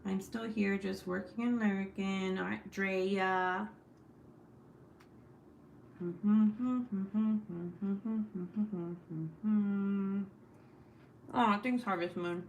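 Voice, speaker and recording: A woman's voice: medium pitch, steady tone, very slow, gravelly, pauses often, roomy sound, a little hiss or hum. A woman in her forties hosting a casual livestream, chatting with viewers and reading their comments, swearing freely. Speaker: livestream host.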